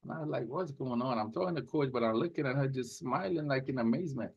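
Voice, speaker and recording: A man's voice: mid-range voice, fast talker, creaky, slightly rough. Trinidadian man, dull lo-fi sound. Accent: Trinidadian, softened toward North American. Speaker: podcast co-host. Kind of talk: casual chat.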